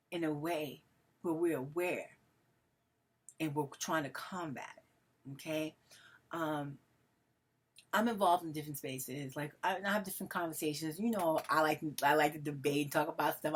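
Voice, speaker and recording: A woman's voice: lowish voice, a bit bright, breathy edge. A woman vlogging to her followers in a casual, emotional monologue, calling herself melodramatic and talking to viewers as family. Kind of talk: casual direct-to-camera monologue.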